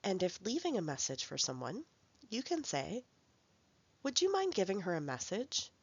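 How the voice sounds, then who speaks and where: Woman, workshop narrator, lively pitch, dry dull-sounding recording. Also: normal speed, dry recording. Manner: clear, careful teaching voice reading example phrases. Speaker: language support instructor.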